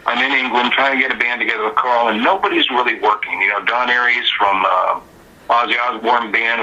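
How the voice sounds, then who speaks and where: A man, a musician guest, telling stories in a casual, animated interview. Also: medium pitch, highs cut off. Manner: animated anecdotal storyteller.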